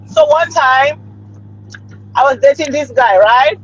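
A woman's voice: sits high, takes it slowly. A middle-aged woman, telling a story in a casual chat and often checking in with her listener. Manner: chatty, keeps checking in with the listener. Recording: slightly muffled recording.

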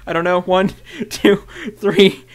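A young man casually narrating his own game play to viewers, chatty and bursting into loud excited shouts. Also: high-pitched, slow pace. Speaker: gaming video host. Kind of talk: casual Minecraft let's play commentary.

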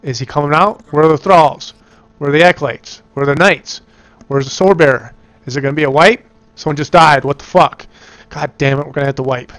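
A young man giving profane, excitable commentary over his own gameplay clip, swinging from calm explaining to yelling. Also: fairly high pitch, brisk, dry recording. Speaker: gamer doing video commentary.

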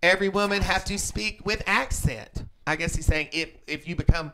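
A man with a Southern accent, a co-host dropping deadpan quips into a comedy stream. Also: high voice, moderate pace, background noise.

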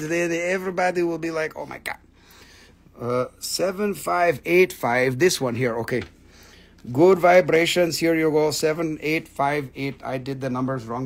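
A high-pitched man hosts a live crystal sale in a loose, chatty way. He teases his viewers, breaks into laughter and swears without a second thought. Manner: teasing, laughing, swearing freely. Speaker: live-stream crystal seller. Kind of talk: casual live sales stream.

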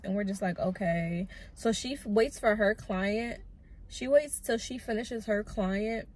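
Young woman vlogging a storytime, animated, talks right to the camera, says like a lot, mid pitch. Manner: animated, talks straight to viewers; lots of fillers like "like" and "bro". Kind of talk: casual storytime chat.

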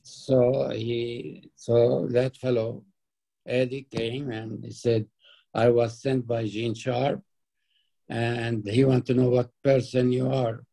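Older storyteller type, a man with a husky, mellow voice who acts out dialogue in his anecdotes. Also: mid-range voice, little pitch movement, slow pace. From Palestine. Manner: anecdotal, laughs while telling, acts out quoted dialogue. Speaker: interviewee. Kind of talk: storytelling in an interview.

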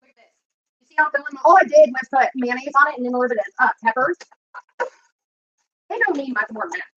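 A woman's voice: high-pitched, fast, fairly bright tone, no room sound. A woman YouTuber ranting in a profane, confrontational, rambling way while she cooks at home. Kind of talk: ranting while cooking on a livestream. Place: home kitchen. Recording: dull lo-fi sound, dry.

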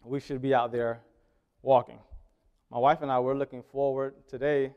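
A man preaching a sermon in a conversational way, often asking the congregation questions and swinging between loud emphasis and quiet asides. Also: mid-range voice, level tone, moderate pace, clean tone, lo-fi sound.

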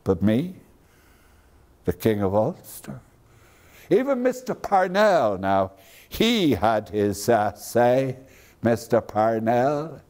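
A man's voice: medium pitch, sing-song, slow pace, long pauses, a little mellow. A wry old Irish statesman. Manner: wry, grand, savoring each phrase, chuckling. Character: aging Irish statesman, wry, proud, theatrical. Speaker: actor in a one-man stage show. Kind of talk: theatrical monologue.

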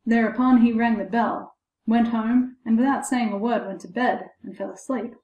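A woman reads a fairy tale aloud in a measured, expressive storybook style, her voice somewhat high. The room gives the reading a clear echo. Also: muffled recording. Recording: echoey room.

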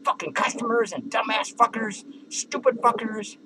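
A man's voice: very high-pitched, steady tone, normal speed, heavy background noise. A man doing a foul-mouthed ranting clown. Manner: profane, rambling ranting. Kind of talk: comedic character monologue. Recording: loud music playing behind the voice.

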